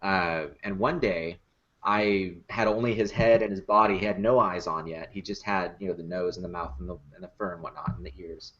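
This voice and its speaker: A man's voice: low voice, steady tone, fairly quick, fairly bright tone, highs cut off. A man who builds and performs puppets, telling stories in a casual podcast chat, with easy laughs and many fillers. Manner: laughs easily, chatty storytelling with many fillers.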